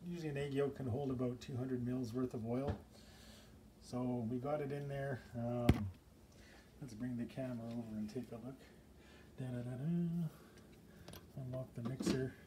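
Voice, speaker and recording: A man chats his way through a home cooking video, rambling along and stopping himself mid-thought. His voice sits at a middling pitch. The recording from a camera across his kitchen carries a steady wash of noise. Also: normal speed. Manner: rambling, chatty, self-interrupting. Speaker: home cook. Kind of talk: casual cooking vlog.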